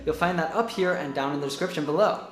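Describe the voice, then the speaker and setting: A woman narrating a scripted English lesson, explaining phrases clearly. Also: sits low, fast talker, music in the background. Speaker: English teacher.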